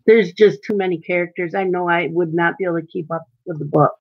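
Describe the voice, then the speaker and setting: A woman's voice: fairly low pitch, fairly even intonation, quick pace, lo-fi sound. Chatty woman hosting a coloring live stream. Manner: chatty, reads out and answers viewer chat. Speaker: coloring channel host. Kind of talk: casual live-stream chat while coloring.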